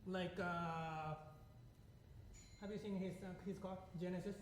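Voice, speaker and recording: A man's voice: sits high, steady tone, measured pace. A man teaching a piano masterclass, explaining to his class with frequent questions while demonstrating at the piano. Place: echoey classroom. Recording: echoey room, distant mic. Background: piano playing.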